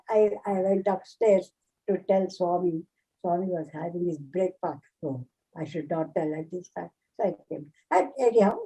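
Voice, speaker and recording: An older woman tells a personal story from memory in an earnest way, acting out each quoted line. Her voice is dark, gravelly and husky. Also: medium pitch, poor audio. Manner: earnest, repeats phrases, acts out quoted speech. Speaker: devotee sharing a memory.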